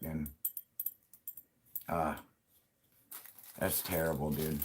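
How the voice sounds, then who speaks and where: A man's voice: very deep voice, steady tone, slow pace, long pauses. A man hosting a casual late-night livestream, talking in a rambling, profane way and laughing often. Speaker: livestream host.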